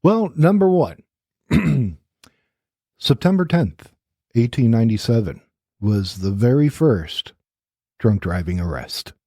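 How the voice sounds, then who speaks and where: A man's voice: on the low side, big pitch swings, takes it slowly, long pauses, mellow, dry recording. A man co-hosting a casual podcast in a studio, joking around and reading out trivia with playful voices. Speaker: podcast co-host. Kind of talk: casual banter. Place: recording studio.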